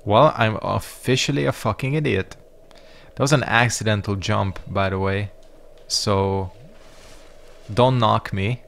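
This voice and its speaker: A man's voice: on the low side, measured pace, gravelly, fairly bright tone. A man giving casual let's-play commentary, rambling and reacting to the game with frequent swearing. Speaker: gaming YouTuber.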